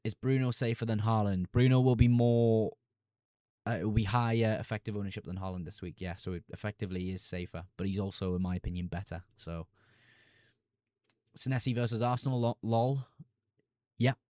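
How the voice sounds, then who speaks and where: A man's voice: lowish voice, brisk, mellow, no echo, clean studio sound. A man with a Sunderland accent hosting a live fantasy football stream. He reads viewers' questions aloud and answers them in a casual, chummy way. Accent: Sunderland (Mackem). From Sunderland, North East England.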